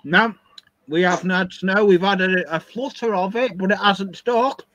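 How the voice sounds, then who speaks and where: Scouse guy chatting on a stream, relaxed and friendly, muffled lo-fi sound. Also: sits high, moderate pace. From Liverpool, England. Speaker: livestream guest. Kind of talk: casual chat. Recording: dull lo-fi audio.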